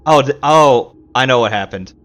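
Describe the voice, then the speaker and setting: A man's voice: mid-range voice, moderate pace, a bit bright. A man running a tabletop game as game master, describing scenes with many fillers. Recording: dull lo-fi sound with faint music.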